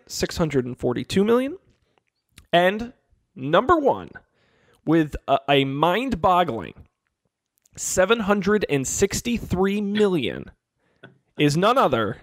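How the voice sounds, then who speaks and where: Man, podcast co-host, lively pitch swings, playfully sarcastic, dry close sound. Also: takes it slowly, long pauses, no room sound. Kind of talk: casual podcast chat.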